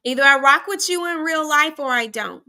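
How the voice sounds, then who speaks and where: A woman from Arkansas, hosting a show and telling a story in a chatty, animated way straight to her listeners. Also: high voice, moderate pace. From Arkansas, USA. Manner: chatty and animated, often addressing listeners directly. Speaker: host. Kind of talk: casual storytelling to the audience.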